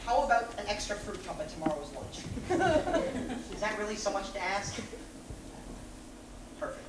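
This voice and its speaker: A gleeful, joking cannibal convict, played by a woman who cackles at her own dark quips. The voice sits mid-range and is caught from far off on a stage. The recording is very echoey, with clear room noise behind it. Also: medium pitch, moderate pace, lightly acted. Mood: bargaining. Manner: wisecracking, cackles at own jokes. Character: joking cannibal death-row prisoner. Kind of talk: stage play acting.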